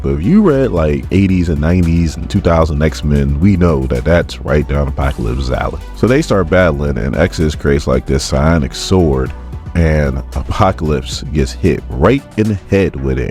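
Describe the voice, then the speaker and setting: A man casually recapping a comic book issue in an animated, chatty way, full of fillers. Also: extremely low pitch. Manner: animated, chatty retelling with lots of "like".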